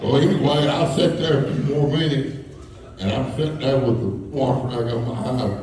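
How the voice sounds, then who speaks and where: The recording, made from a distance in an echoey school hall, has a faint hum. A storyteller speaks at normal speed in a medium-pitched, steady, darkish voice, chuckling as he tells folksy, rambling stories to the live audience there.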